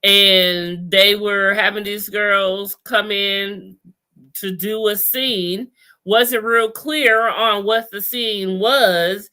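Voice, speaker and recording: Slow-talking bright-voiced woman. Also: medium pitch, steady tone. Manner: laid-back, profane, laughs often. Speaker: podcast co-host. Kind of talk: casual TV recap chat.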